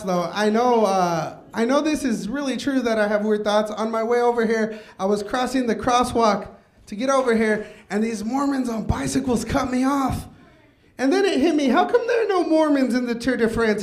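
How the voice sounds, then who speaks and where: Male stand-up, very high pitch, dry wry punchlines. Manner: brisk, wry punchline delivery. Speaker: stand-up comedian. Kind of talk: stand-up set.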